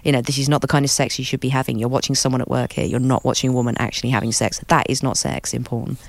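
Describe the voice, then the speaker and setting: A woman's voice: extremely low pitch, steady tone, racing, gravelly, no echo. A middle-aged British woman, an author talking as a guest in an interview, blunt and candid, swearing freely and leaning on "you know" as she talks. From Britain.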